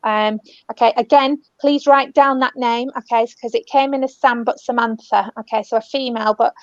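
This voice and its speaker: A British woman working as a spiritual medium, giving a gentle live reading and calling people love and darling. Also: a little high, steady tone, normal speed, dry recording. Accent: British English. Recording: dull, dry lo-fi audio.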